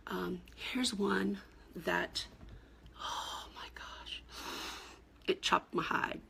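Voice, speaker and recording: A middle-aged woman, a cancer coach, giving blunt, exasperated advice straight to camera in a husky, gravelly voice. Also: lowish voice, steady tone, drawn-out words, bright, forceful tone, whispered. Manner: blunt, exasperated, emphatic with rising outbursts. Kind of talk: direct-to-camera advice talk.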